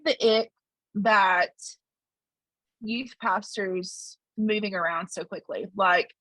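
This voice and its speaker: A woman on a podcast panel, talking haltingly and searching for words. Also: medium pitch, fairly even intonation, sharp tone, no echo, low-quality recording. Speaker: youth ministry panelist. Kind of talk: casual podcast chat.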